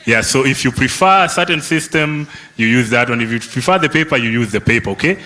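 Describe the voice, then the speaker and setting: A workshop facilitator from Kenya, medium-pitched and sharp in tone, talks quickly with lively intonation. In a conference hall he animates a youth summit session, teasing the audience and tacking "eh?" and "okay?" onto questions.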